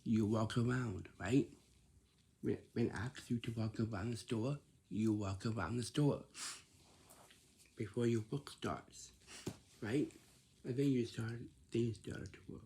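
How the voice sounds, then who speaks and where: A man with a slow, husky, fairly low voice delivers a casual advice monologue. He repeats himself and scolds gently, tossing in "right?" to check that listeners follow. His tone is soft and mellow. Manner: repetitive, scolding, lots of "right?". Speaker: vlogger giving workplace advice.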